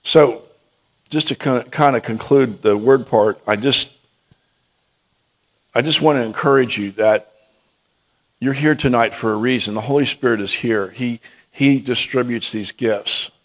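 Man preaching with halting restarts. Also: medium pitch. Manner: storytelling, stumbling restarts, frequent "okay?". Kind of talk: testimony and prophetic ministry.

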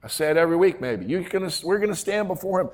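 A man's voice: high-pitched, animated, racing. A man preaching a sermon in a folksy, emphatic way, with joking asides and repeated phrases.

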